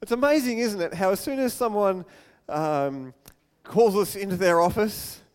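A male pastor preaching a sermon in a chatty, animated way with light self-deprecating humour and quick asides. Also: high-pitched, clean tone.

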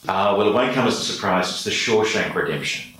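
Echoey Australian priest telling stories. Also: male voice, low-pitched, expressive, fairly quick, fairly bright tone. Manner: earnest, reflective. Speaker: priest, interview guest. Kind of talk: storytelling in an interview. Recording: echoey room, mic far off.

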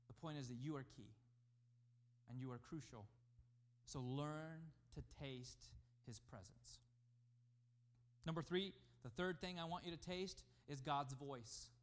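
Male preacher, light high voice, emphatic delivery that swells and drops. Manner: emphatic preaching, rising and falling in loudness. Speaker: pastor. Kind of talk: sermon.

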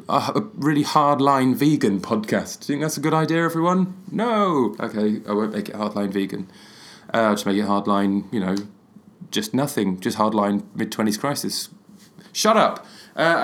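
A man, hosting a podcast alone, rambling and self-deprecating with jokey asides. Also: mid-range voice. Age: 20s. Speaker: podcast host. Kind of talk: solo comedic podcast rambling.

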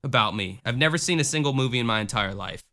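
Bright-voiced man ranting sarcastically. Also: mid-range voice, expressive, fast talker. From American South. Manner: ranting, sarcastic, swears a lot, frequent fillers. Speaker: podcast co-host. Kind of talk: casual podcast chat.

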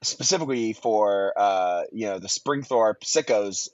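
A man co-hosting a podcast, reviewing films in casual, profane, excitable chat. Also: lowish voice, unhurried, dry recording, highs cut off. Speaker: podcast co-host.

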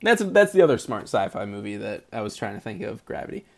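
A young man co-hosting a casual movie podcast, excited and rambling, laughing often. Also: fairly low pitch, fast talker, creaky. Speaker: podcast co-host.

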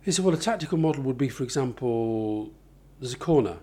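A man's voice: medium pitch, animated, brisk, mellow, breathy edge. A man, interviewed about his book, explaining his ideas thoughtfully with examples and frequent restarts. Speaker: author and interviewee. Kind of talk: conversational interview.

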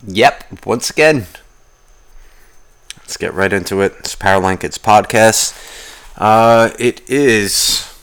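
A young man hosting a podcast, telling a rambling everyday story in a profane, animated ranting way. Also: on the low side, slow pace, long pauses, clear, resonant tone. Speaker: podcast host. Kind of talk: casual solo podcast rant.

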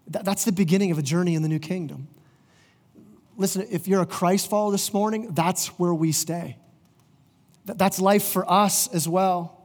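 A man's voice: high-pitched, normal speed, a little mellow. A middle-aged man preaching a sermon as pastor of his church, earnest, often restarting his words as he goes. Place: church sanctuary. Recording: long hall reverb.

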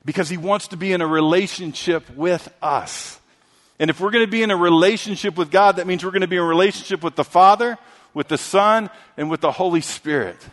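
A man preaching a sermon, telling a story and swinging from loud, emphatic lines to hushed ones. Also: high voice, fairly quick. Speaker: pastor. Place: church sanctuary. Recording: long hall reverb.

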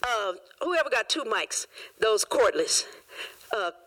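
A woman's voice: fairly high pitch, big pitch swings, slow pace, far from the mic, low-quality recording. A woman pastor preaching a sermon in a church, emphatic and repetitive. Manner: emphatic, repetitive, rising to shouts.

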